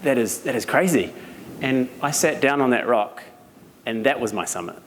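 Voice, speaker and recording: A young man from New Zealand with a New Zealand accent, giving an animated storytelling talk at a live event, laughing as he goes. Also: medium pitch, normal speed. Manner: animated, laughing as he tells stories. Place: event venue. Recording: reverberant hall, some noise.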